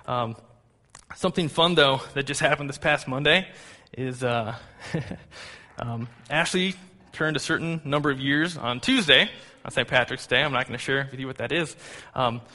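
A man's voice: mid-range voice, pushed and bright. A man in his thirties, a pastor giving a conversational sermon with fillers and personal asides. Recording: long hall reverb.

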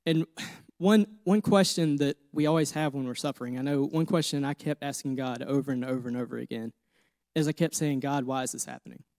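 A man in his thirties delivers a heartfelt sermon from the pulpit. His voice sits a little high for a man and the sound is dry and close, with no room echo. He talks through his own struggles, repeating phrases as he builds. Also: brisk. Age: 30s. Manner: personal testimony, grows emotional and louder. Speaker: pastor. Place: church.

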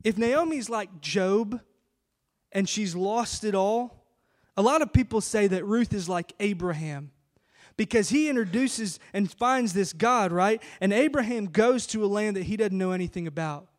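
A man's voice: high voice, measured pace. A man pastor preaching an emphatic sermon full of rhetorical questions.

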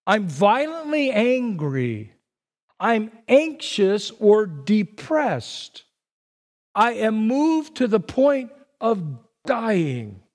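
A man's voice: very high voice, a little mellow, long reverb tail. A man preaching as a pastor, earnest and conversational, repeating phrases for emphasis. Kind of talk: sermon.

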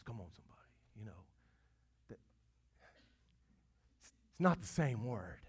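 A man's voice: lowish voice, sing-song, measured pace, darkish tone, slightly rough. A man preaching a sermon. He asks the congregation questions, repeats words as he goes, and swells to emphatic peaks. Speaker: pastor.

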